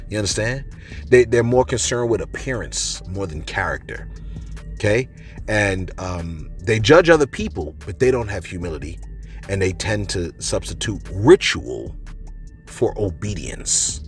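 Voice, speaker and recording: A man hosting a casual commentary show, reading out viewer comments and answering them in a slangy way, often adding "man" and "you know what I'm saying". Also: on the low side. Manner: slangy, playful asides.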